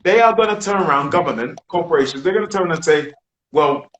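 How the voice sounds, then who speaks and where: A man's voice: a little high, expressive, fast talker, a bit bright. A British man hosting a group discussion, speaking emphatically and asking rhetorical questions. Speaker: discussion host. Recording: roomy with faint noise.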